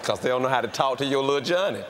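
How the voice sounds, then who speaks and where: Animated older preacher, folksy, noisy room. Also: male voice, mid-range voice, racing. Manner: folksy and humorous, swings from soft asides to shouted outbursts. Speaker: pastor. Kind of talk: sermon.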